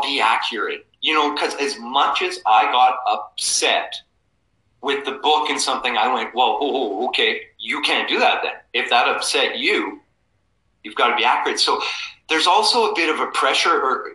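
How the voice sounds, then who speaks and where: A man's voice: medium pitch, normal speed, sharp tone, echoey room, low-quality recording. A man in his forties, a guest in an interview, telling casual stories and animatedly acting out the people in them. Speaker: guest, cofounder of a map company.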